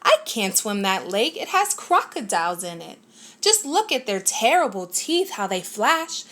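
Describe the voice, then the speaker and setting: A woman voicing a big, gentle, honest male elephant in a storybook read-aloud, sounding worried and pleading. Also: mid-range voice, very animated, measured pace.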